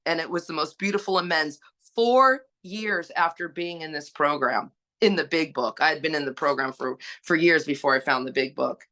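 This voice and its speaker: A woman shares her recovery story on a panel in a fairly low, bright, forceful voice. She's earnest and exhorting, even preachy, throwing out rhetorical questions.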